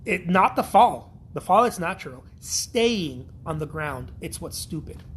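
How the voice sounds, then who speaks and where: A man's voice: on the high side, sing-song, unhurried, a little hiss or hum. A man from Mexico, an artist giving a blunt, profane, repetitive pep talk in a casual vlog.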